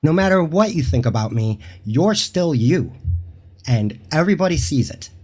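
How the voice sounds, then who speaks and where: A man's voice: on the high side, sing-song, moderate pace, a little mellow, breathy edge. A man appearing as a guest on a casual livestream, combative, sarcastic and profane.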